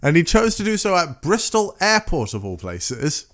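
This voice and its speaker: A man's voice: fairly high pitch, sing-song, normal speed, a bit bright. A man co-hosting a casual podcast chat, rambling and correcting himself as he goes. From England. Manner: rambling, self-correcting, laughs often. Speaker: podcast co-host.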